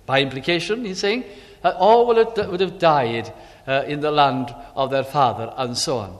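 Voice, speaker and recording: A man's voice: on the high side, moderate pace. A man preaching a sermon, reading scripture aloud and then retelling it in plain, conversational words. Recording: long hall reverb.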